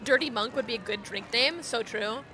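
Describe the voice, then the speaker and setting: Bright high-voiced woman streamer. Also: normal speed, slight background noise. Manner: wry asides between reading dialogue. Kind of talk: casual game commentary.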